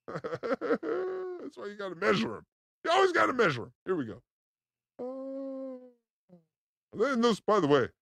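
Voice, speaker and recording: A man co-hosting a video reaction show in casual chat, given to loud excited outbursts and crude jokes. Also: high voice, dry recording, clean studio sound.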